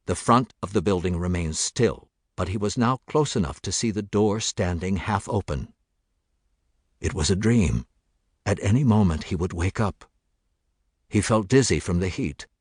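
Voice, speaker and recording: A man narrating a thriller audiobook in a measured, steady voice. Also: on the low side, husky, no echo, studio quality.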